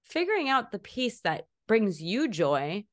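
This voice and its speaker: A woman hosting a podcast in casual conversation, animated and acting out voices when she tells stories. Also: medium pitch, a little slow. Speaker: podcast host.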